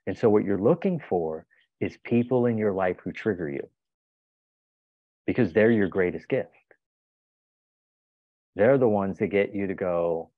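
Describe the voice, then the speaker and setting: A man's voice: fairly low pitch, lively intonation, a little slow, long pauses, no echo. A man guest giving a motivational self-help talk, emphatic and telling stories with acted-out quotes. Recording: tinny phone-like dry sound.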